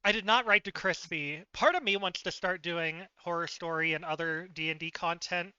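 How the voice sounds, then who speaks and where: A man livestreaming, telling a story in casual, animated chat with plenty of fillers and laughs. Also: sits high, moderate pace, clear, resonant tone, no echo, dull audio. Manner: chatty and animated, laughs often, many fillers.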